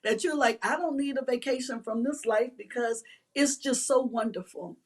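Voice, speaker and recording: A woman's voice: on the high side, moderate pace. Sincere woman guest, emotional. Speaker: interview guest. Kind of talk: heartfelt conversation.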